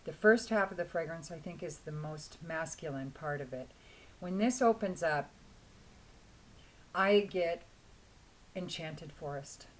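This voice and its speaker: A hoarse woman giving a chatty, rambling fragrance review, often clearing her throat. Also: deep voice, measured pace, pauses often, rough recording. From Washington State, US. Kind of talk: casual video review.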